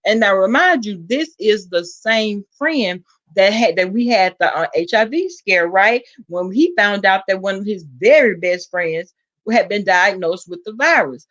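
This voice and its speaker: A woman's voice: measured pace, highs cut off. A woman with a Southern US accent telling a gossipy story to her viewers in a casual vlog, acting out the quotes with sudden jumps in her voice. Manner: animated gossip, acts out quotes with big pitch jumps. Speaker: vlogger.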